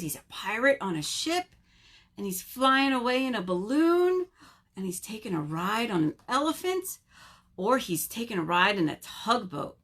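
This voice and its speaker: Woman, children's librarian, storytime read-aloud, sing-song and animated, bright voice, at home. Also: on the high side.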